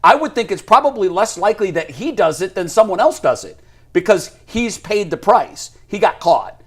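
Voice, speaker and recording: A man's voice: sits high, animated, moderate pace, a bit bright, breathy edge. A man co-hosting a casual sports talk show, giving firm opinions and laughing at his own points. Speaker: sports radio co-host.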